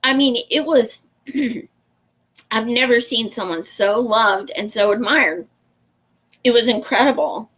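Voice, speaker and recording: A woman's voice: a little high, slow, long pauses, fairly bright tone, low-quality recording. A woman hosting a show and chatting casually with her viewers, frank and talkative, laughing often and swearing freely. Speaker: show host. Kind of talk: casual livestream chat answering viewer comments.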